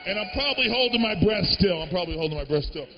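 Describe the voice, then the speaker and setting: A man from the Boston area performing a stand-up comedy set, telling stories in an animated, profane way. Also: high-pitched, fast talker, long reverb tail, muffled recording, crowd noise.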